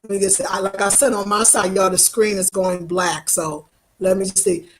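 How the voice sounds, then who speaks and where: A woman in her fifties chatting casually with viewers of her live stream, expressive and emotional, reading comments aloud and sounding tired from travel. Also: medium pitch, normal speed, a little hiss or hum. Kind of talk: casual livestream chat.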